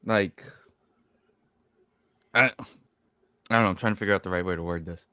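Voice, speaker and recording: A man with a fairly low voice trades loose, profane jokes as a podcast co-host. His sound is dry and close, with no room around it. He keeps it casual and chatty. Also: normal speed, sharp tone, no room sound. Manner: profane, joking, loose banter. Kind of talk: casual sports chat.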